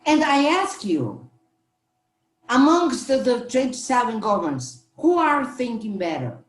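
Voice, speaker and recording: Slow, earnest woman panelist. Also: on the high side, sing-song, roomy sound, a little hiss or hum. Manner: slow, earnest, halting with restarts. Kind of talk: panel discussion answer.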